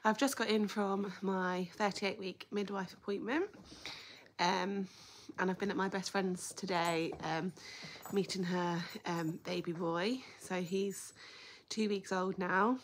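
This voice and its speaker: A woman's voice: mid-range voice, fairly even intonation, slow, slight background noise. A woman around thirty, chatting casually to camera in a vlog, out of breath, with lots of ums and little laughs. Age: 30s. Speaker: vlogger. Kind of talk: casual chat. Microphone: camera propped up.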